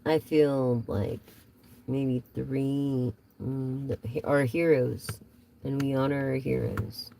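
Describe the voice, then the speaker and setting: A woman's voice: a bass voice, steady tone, slow, gravelly, warm tone, slight background noise, rough recording. A woman giving a casual live tarot reading, chatty and rambling as she talks straight to her viewers. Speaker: tarot reader.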